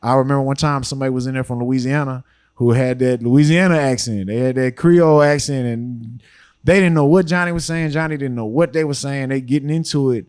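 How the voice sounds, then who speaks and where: A man, a podcast guest telling long, relaxed stories full of "you know" asides. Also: medium pitch, a little fast, clear, resonant tone. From Houston, Texas. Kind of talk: storytelling interview talk.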